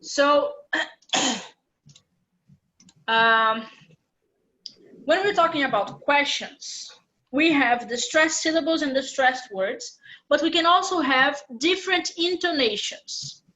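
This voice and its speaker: A woman teaching an English class live online, her voice high and bright. She speaks slowly and walks her students patiently through each point. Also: expressive, poor audio. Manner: patient, explains step by step.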